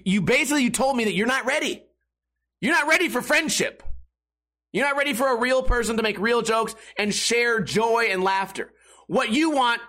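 A young man hosting a podcast, ranting loudly and profanely with bursts of exasperated laughter. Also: sits high. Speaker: podcast host. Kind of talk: casual ranting monologue.

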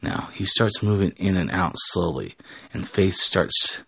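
A man's voice: low-pitched, expressive, a little slow, creaky, pushed and bright, husky, dry recording. A man casually telling an improvised story, often stopping and correcting himself. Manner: casual, with frequent restarts and self-corrections. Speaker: storyteller and show host.

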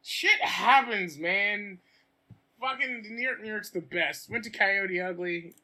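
A high, very bright male voice belongs to an American man chatting on a podcast. He is loud and animated, swearing freely as he piles up stories. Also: measured pace. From United States. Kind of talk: casual chat.

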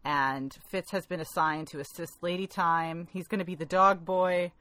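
A woman's voice: lowish voice, steady tone, normal speed, a bit bright. A woman co-hosting a casual podcast about a novel, often laughing and reading passages aloud. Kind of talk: casual book club podcast chat.

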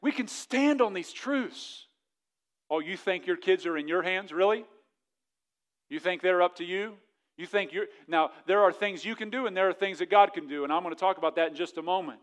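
A man in his thirties preaches a sermon with a notably high-pitched voice. He moves between loud, animated storytelling and hushed, earnest appeals to his congregation. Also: moderate pace. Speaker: pastor.

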